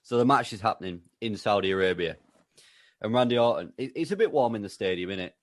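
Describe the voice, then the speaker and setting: A man's voice: fairly low pitch, expressive, fast talker, no room sound. A man co-hosting a podcast, telling a chatty comic story full of tag questions. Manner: chatty, asking rhetorical tags. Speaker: podcast co-host. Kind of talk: casual comedic storytelling.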